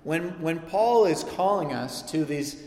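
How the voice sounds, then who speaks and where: A man preaching a sermon in a church, lively and acting out the voices he quotes. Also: a little high, measured pace. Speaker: pastor. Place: church sanctuary. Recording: echoey hall with long reverb.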